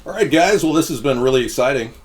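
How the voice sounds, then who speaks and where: A man's voice: mid-range voice, lively intonation, fast. A man hosting a casual live stream, rambling and answering chat comments with frequent restarts.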